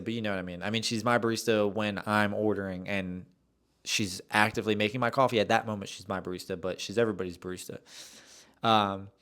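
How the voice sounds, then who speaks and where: A man's voice: fairly low pitch, fairly bright tone. A young man hosting a solo podcast, telling a rambling, self-deprecating story with many restarts. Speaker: podcast host.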